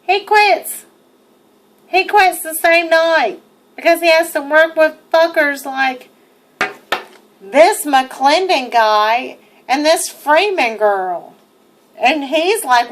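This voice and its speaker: A woman's voice: high-pitched, animated, slow pace, a bit bright. A young woman giving an indignant, emphatic first-person account while narrating over video, swearing freely. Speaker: person narrating her own arrest footage.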